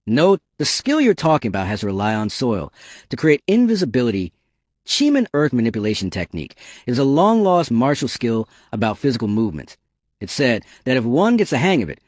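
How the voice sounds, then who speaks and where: Lively man narrating a story recap. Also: medium pitch, a little fast, dry recording, studio quality. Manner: plain storytelling, reading every part himself.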